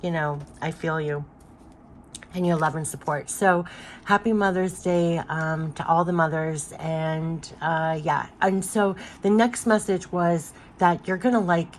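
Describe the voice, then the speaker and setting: A woman's voice: fairly low pitch, steady tone, a little slow, slight background noise. Chatty woman with allergy-congested voice. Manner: chatty, repetitive, with frequent fillers and laughs. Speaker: spiritual card reader. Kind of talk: casual spoken card reading.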